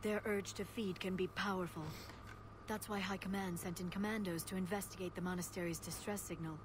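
A woman's voice: fairly low pitch, fairly even intonation, noisy background, natural voice. Liara, a woman voicing a composed alien scientist. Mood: grave. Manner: measured, explanatory delivery. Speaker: squad member.

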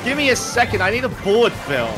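A man makes dry remarks while racing with friends, his voice fairly high. Loud music fills the background. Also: very animated, fast. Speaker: guest player. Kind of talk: casual chat while gaming.

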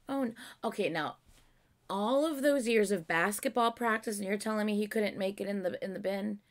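A young woman reacting to a music video at home, gushing with excitement while keeping her voice down so she doesn't wake anyone. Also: medium pitch, normal speed. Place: home, early morning.

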